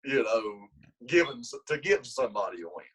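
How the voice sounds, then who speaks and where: On a rough recording, a wrestling coach speaks briskly at medium pitch, his tone slightly rough. He tells a long, rambling story in an interview, restarting sentences and getting lively when he mimics quotes.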